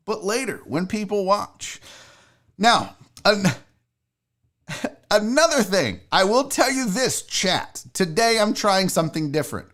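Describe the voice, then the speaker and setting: A man's voice: sits high, a bit bright. A man hosting a live show in casual, rambling talk, joking and swearing and talking straight to his chat. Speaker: live show host and comedian.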